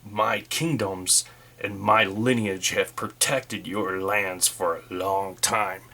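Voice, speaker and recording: A proud male dwarf warrior of royal lineage, played by a man narrating his solo tabletop game. He talks low and slow, with a stern, threatening edge. The voice stays close to a plain speaking voice. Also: steady tone, sharp tone, full character voice.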